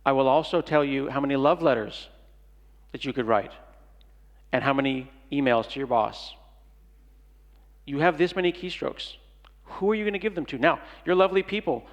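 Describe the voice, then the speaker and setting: A man's voice: a little high, lively intonation, normal speed. A middle-aged man giving a comedic keynote talk at a conference, playful and jokey, acting out little dialogues. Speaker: conference speaker. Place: large conference hall. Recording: long hall reverb.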